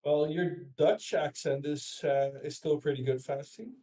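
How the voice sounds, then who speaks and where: A man's voice: a little high, unhurried, mellow. A man chatting on a live stream, making brief, agreeable remarks. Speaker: stream guest. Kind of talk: casual chat. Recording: distant from the mic.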